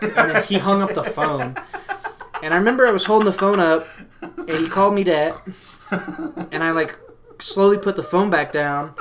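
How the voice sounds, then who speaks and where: A man hosting a podcast, telling a long, profane and animated story in a casual chat. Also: sits high, moderate pace, pauses often, slight background noise. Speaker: podcast host.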